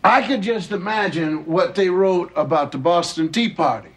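A man's voice: high-pitched, normal speed, natural voice. An actor playing a wry, teasing middle-aged father in a family sitcom, mocking with dry humor. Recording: studio audience laughter and hiss.

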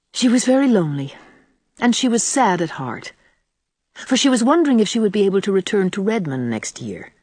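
Woman audiobook narrator, lowish voice, animated storytelling melody, dry close mic. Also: dry recording. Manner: expressive, varies voices for characters. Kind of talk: scripted narration.

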